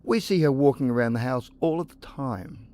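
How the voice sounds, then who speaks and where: A man reading the lines of a middle-aged husband and father, in a plain voice pitched a little above his own. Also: normal speed, dark tone, slight background noise, lightly acted. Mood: calm.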